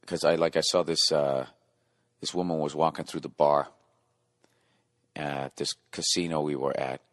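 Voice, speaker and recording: A man's voice: a bass voice, steady tone, moderate pace, a bit bright, no echo, clean studio sound. Profane, rambling middle-aged man. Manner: profane, rambling, sarcastic rant. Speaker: podcast host. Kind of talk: solo podcast monologue.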